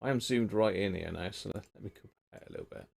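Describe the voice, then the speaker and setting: A man's voice: on the low side, quick pace, vocal fry, breathy edge. A man hosting a live repair stream, thinking aloud in a rambling, casual way and chatting with viewers. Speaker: radio repair livestream host.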